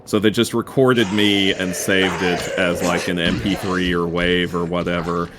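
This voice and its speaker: A man's voice: deep voice, level tone, a little slow, noisy background. A young man streaming a game, chatting casually in a playful, giggly, self-mocking way.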